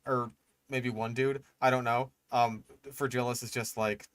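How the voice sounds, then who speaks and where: A man's voice: mid-range voice, level tone, measured pace, a bit bright, no echo. A young man streaming casual reaction commentary, exasperated and sarcastic, swearing often.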